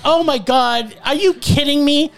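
A woman's voice: high-pitched, measured pace, soft background music. A woman hosting a casual film-review chat, ranting with exasperation and swearing. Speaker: podcast host reviewing films.

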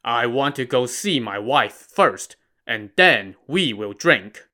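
A man voicing a drunk, boastful male bandit chieftain with a loud, cocky, jovial manner. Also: medium pitch, lively intonation, slow pace.

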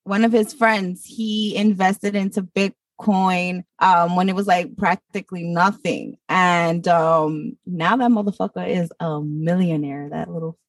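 A woman's voice: on the low side, fairly even intonation, a little slow, few pauses, no echo, recorded from a distance. A woman chatting casually, rambling through fillers and tossing in swears. She sounds set back from the mic in a dry, dead room. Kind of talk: casual chat.

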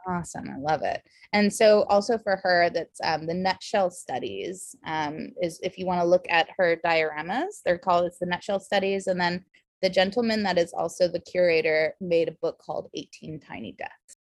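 A Californian woman from the Bay Area chats on a podcast in an effusive, filler-heavy way and sounds a little tipsy. Her voice sits low with some gravel and swoops a lot. The sound is dry and close. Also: normal speed, no echo. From San Francisco Bay Area. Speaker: podcast guest. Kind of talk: casual podcast chat.

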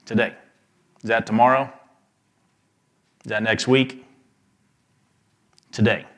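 A man preaching a sermon, reading scripture aloud and pausing to ask the congregation rhetorical questions, with mounting emphasis. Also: on the low side, level tone, fairly bright tone. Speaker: pastor.

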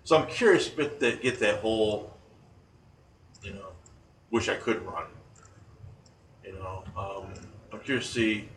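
A man casually recounting paranormal investigations, animated and quick to laugh, acting out the voices he quotes. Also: on the low side. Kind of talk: casual storytelling chat. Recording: echoey room, distant mic, faint noise.

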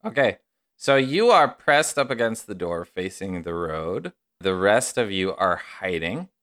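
A man narrating a tabletop game as game master, unhurried and descriptive. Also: deep voice, big pitch swings, a bit bright.

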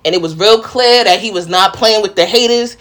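A woman's voice: mid-range voice, fairly quick, fairly bright tone. A young woman from the Bronx with a thick New York accent, hosting a casual solo podcast in a slangy, rowdy way. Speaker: podcast host.

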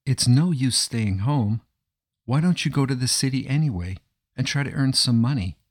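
A man's voice: mid-range voice, lively intonation, moderate pace, lightly acted. A man voicing a poor, devoted wife in his own voice, speaking in an urgent, coaxing way in a storybook telling. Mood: urgent plea. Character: poor devoted wife, worried but determined.

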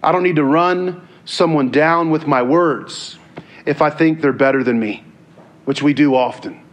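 A man's voice: on the high side, measured pace. A man preaching a sermon in an earnest, conversational way, sometimes repeating words as he goes.

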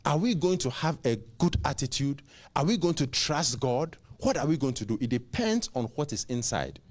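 A man's voice: mid-range voice, animated, moderate pace. A man preaching a sermon who fires off rhetorical questions and often repeats words and restarts.

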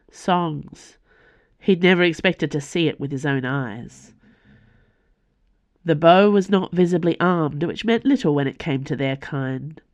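A woman, the author, reading her own fantasy novel aloud for a podcast in a measured storytelling voice. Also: deep voice, dry recording. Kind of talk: audiobook fantasy narration.

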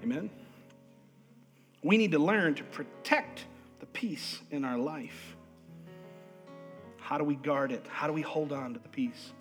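A male pastor delivers a sermon with emphatic repetition and frequent calls of amen. His voice sits a little high for a man. He shifts between loud, driving emphasis and quiet asides, and a long hall reverb trails every phrase. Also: a little slow, pauses often, soft background music. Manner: emphatic preaching with repeated words and calls of amen. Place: church sanctuary.

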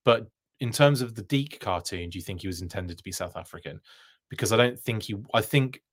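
A man's voice: fairly low pitch, brisk. A man hosting a casual livestream reaction, chatting, answering viewer comments, and often breaking off mid-sentence. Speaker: host.

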